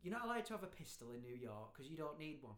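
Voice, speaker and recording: A man's voice: a little high, sing-song, very fast, a bit bright, echoey room. A man chatting casually and jokily, rambling with lots of "you know what I mean". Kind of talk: casual comedic chat.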